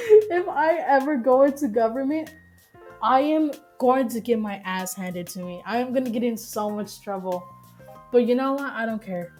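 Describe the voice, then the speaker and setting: A woman's voice: on the high side, expressive, normal speed, long pauses, a little mellow, faint music behind. A woman streamer reacting to news stories live, ranting heatedly with lots of swearing and laughter, over choppy stream audio.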